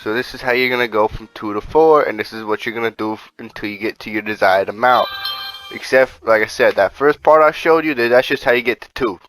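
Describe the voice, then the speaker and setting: A man's voice: a little fast, fairly bright tone, soft background music, rough recording. A man talking casually over gameplay as a channel host, laid-back and profane, walking viewers through a glitch step by step with catchphrases. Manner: laid-back, profane, repeats "bada bing, bada boom".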